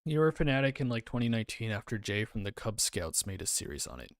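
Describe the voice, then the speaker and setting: A man's voice: lowish voice, sing-song, fast talker, no echo, clean studio sound. A man chatting casually on a livestream, rambling and answering his chat aloud. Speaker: streamer. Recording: music playing under voice. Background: background music.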